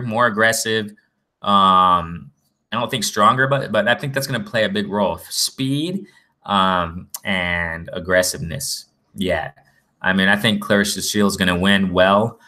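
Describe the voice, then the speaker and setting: A man's voice: fairly low pitch, pushed and bright. A man chatting casually in a boxing vlog, rambling and often saying "you know what I'm saying". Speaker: boxing vlogger. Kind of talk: casual chat.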